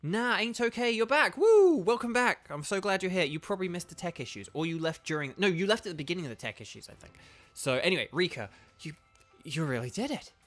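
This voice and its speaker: A man giving casual commentary over a video game stream, his voice animated and bouncing between high and low. He mixes playful asides with in-game text read aloud, and faint music sits in the background. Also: quick pace. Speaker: gaming streamer and voice actor.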